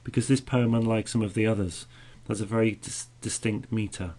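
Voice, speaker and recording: A man's voice: on the low side, steady tone, brisk, hardly any pauses, warm tone. A man teaching a recorded poetry lesson, patiently explaining meter and beating out the stresses aloud.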